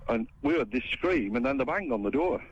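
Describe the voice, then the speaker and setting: A man's voice: medium pitch, a little fast, slight background noise. An older man, calling in to a radio show and telling a long, rambling story. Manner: rambling, animated retelling. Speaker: caller. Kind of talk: phone-in storytelling. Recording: muffled lo-fi phone line.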